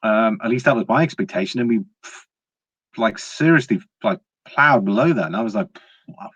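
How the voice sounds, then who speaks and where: A man's voice: fairly low pitch, expressive, fairly quick, a bit bright, husky, no room sound, low-quality recording. A man hosting a casual livestream, chatting to viewers, laughing often and restarting his words. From Britain. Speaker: livestream host.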